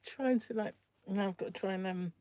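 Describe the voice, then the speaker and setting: Croaky, chatty woman on a phone livestream. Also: medium pitch, a little fast, dark tone, no room sound. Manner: chatty and rambling, often trails off. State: croaky, keeps clearing throat. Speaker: crochet livestream host. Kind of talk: casual livestream chat while crocheting.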